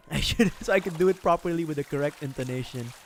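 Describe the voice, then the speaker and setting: A man's voice: a little high, moderate pace, over music. A man from the Philippines chatting casually with viewers on a gaming livestream, laughing often and swearing freely as he rambles.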